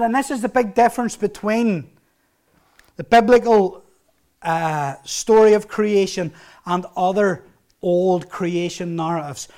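A male pastor delivers a sermon in a notably high voice. He drives his points with rising emphasis, then drops to hushed, slower phrases.

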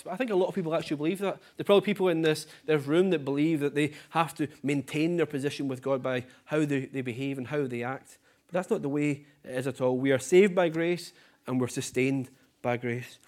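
A male preacher with a fairly high-pitched voice delivers an earnest sermon. He leans on repetition for emphasis and lets his phrase endings drop quietly. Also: a little fast.

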